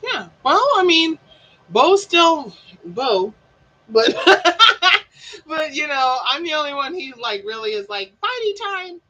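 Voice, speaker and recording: A woman chats on her stream in a high, lively voice. She is bubbly, laughs often and slips into silly voices. Her tone is bright and animated. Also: slow. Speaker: livestream host. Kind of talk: casual chat.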